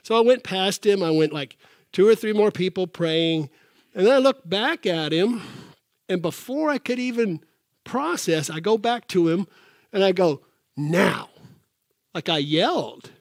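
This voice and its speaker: A man preaching a sermon, telling stories and acting out quotes with sudden bursts of shouting. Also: high-pitched, lively intonation, moderate pace, no echo, studio quality. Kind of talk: sermon storytelling.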